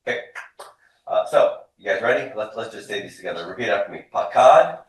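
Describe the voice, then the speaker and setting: A man with a somewhat low voice teaches a class, explaining step by step and drilling forms aloud. He is heard from across a very echoey room. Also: fast talker, far from the mic. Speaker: Hebrew instructor. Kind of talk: classroom lecture.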